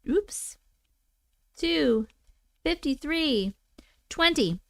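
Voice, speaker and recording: A chatty woman hosts a livestream, joking with viewers and reading their stories aloud. Her voice sits a little high, and she swears casually with a playful edge. The sound is close and dry, with no room echo. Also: normal speed, fairly bright tone, clean tone. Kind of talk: casual live chat and story reading.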